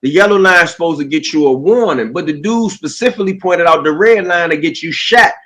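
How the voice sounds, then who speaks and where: Relaxed man talking with a raised pitch. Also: brisk. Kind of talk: casual conversation.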